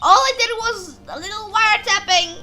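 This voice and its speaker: A woman voicing a shrill young female witness who is cornered and caught lying, with flustered, shrieking denials. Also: normal speed, sharp tone, soft background music, heavily acted.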